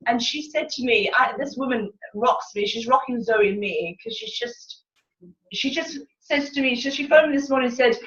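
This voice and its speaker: A woman leading a sales team training session, lively and laughing, getting the room to chant together. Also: high-pitched, moderate pace. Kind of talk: motivational talk to a room. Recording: distant echoey room mic, dull.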